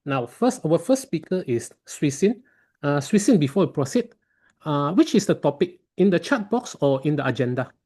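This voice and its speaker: Mellow-voiced man chairing an online club meeting. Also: fairly high pitch, very animated. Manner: halting, non-native phrasing, polite.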